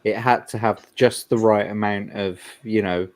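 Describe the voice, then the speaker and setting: A man's voice: lowish voice, fairly even intonation, normal speed, a little mellow. A man on a stream chatting casually, laughing often and dropping dry wisecracks. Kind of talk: casual chat.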